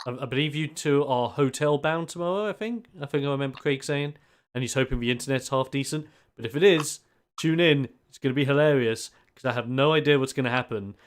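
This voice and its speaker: A man's voice: mid-range voice, fast talker. Joking man in casual stream chat. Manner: joking, self-deprecating banter. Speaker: co-host.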